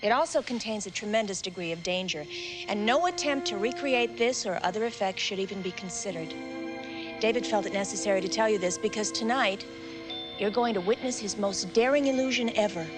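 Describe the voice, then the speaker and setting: A woman's voice: mid-range voice, fairly quick, over music. A woman delivering a scripted voice-over announcement in an earnest, emphatic way.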